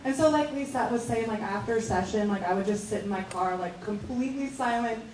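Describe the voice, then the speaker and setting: A chatty woman voice actor talks loosely on a convention panel. She is picked up by a distant mic in an echoey hall, with clear hiss behind her. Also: mid-range voice, brisk, darkish tone. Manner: chatty, filler-heavy. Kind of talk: casual panel talk.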